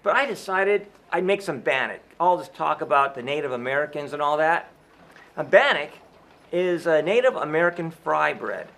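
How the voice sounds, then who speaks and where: A man's voice: on the high side, lively intonation, moderate pace, gravelly, a bit bright. Chatty man explaining a recipe. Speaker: show host playing a sheriff. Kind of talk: casual cooking demonstration.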